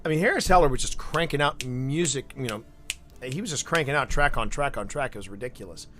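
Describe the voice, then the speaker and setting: Over slight background noise, a man with a medium-pitched voice talks fairly quickly during a casual livestream, an animated storyteller who keeps restarting and wandering into asides.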